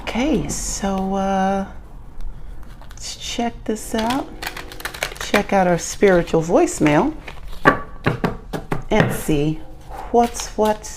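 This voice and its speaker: A woman's voice: mid-range voice, very slow, pauses often, very noisy. A woman hosting her own channel, giving a casual tarot reading in a playful, chatty way with self-joking asides. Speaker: tarot reader and channel host.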